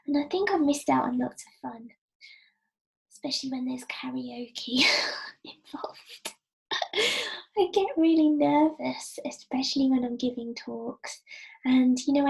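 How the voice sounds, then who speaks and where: A middle-aged woman giving a personal storytelling talk, soft-spoken, often dropping to a breathy near-whisper, with frequent ums. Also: high-pitched, poor audio. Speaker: speaker giving an inspirational talk.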